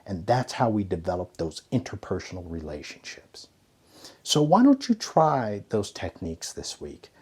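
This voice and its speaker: Husky man coaching with emphatic energy. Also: lowish voice, very animated, normal speed. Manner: emphatic, conversational, swings from loud to hushed. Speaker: ethics and leadership coach. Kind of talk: motivational teaching talk.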